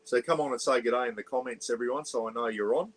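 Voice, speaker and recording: A man's voice: mid-range voice, quick pace, a little hiss or hum, poor audio. Rambling Australian man livestreaming from a caravan. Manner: rambling, chatty, greets viewers and reads comments aloud; keeps voice down for neighbours. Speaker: livestream host. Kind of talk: casual livestream chat. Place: small caravan, indoors. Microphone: iPad.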